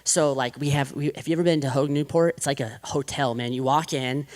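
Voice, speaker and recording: A man's voice: mid-range voice, steady tone, a little fast. A man in his thirties giving a personal faith testimony as a podcast guest, casual and full of "like", acting out what others said. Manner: casual, heavy use of "like", acts out quotes.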